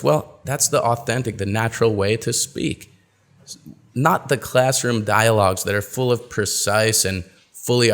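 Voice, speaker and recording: A man teaching pronunciation in a webinar, explaining and acting out example sentences in a lively, expressive way. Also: fairly low pitch. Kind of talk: webinar lesson.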